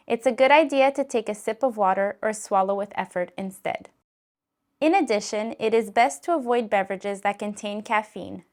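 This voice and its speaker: A woman giving calm, clearly spoken scripted narration for an instructional voice-care video. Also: fairly high pitch.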